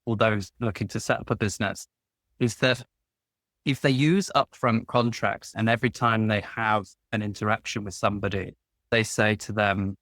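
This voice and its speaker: Lower-voiced male interview host. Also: steady tone, normal speed, fairly bright tone, no room sound. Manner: reflective, talks through his own experience at length. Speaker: podcast host. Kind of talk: conversational interview.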